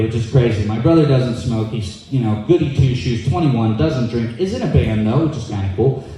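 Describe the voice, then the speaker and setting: Young male stand-up comic, dry deadpan delivery, mellow voice, echoey club sound. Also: mid-range voice, distant mic. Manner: deadpan, quick asides, acts out quoted voices. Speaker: stand-up comedian. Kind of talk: stand-up comedy set. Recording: echoey room, voice off-mic.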